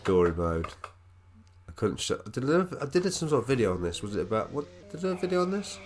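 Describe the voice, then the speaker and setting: A man's voice: mid-range voice, very animated, quick pace, soft background music. A man with a Black Country accent chatting casually on a live stream while he plays, swearing freely and laughing often. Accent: Black Country English.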